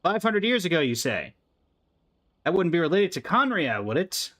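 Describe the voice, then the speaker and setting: A man voicing a tiny, excitable girl companion in a game, reading her lines in a raised, eager voice. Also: a little high, moderate pace, pitched above the performer's own voice.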